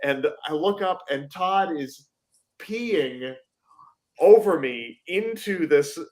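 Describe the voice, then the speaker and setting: A man's voice: fairly high pitch, lively intonation, takes it slowly, a little mellow. A man in a band telling a rowdy tour story in a casual live-stream chat, laughing often and padding with fillers. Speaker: band member.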